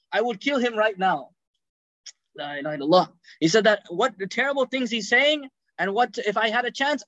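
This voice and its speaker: High-voiced, fast-talking male preacher. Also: no room sound. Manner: animated storytelling, quick talk with repeated restarts. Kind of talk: sermon storytelling. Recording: dull, dry lo-fi sound.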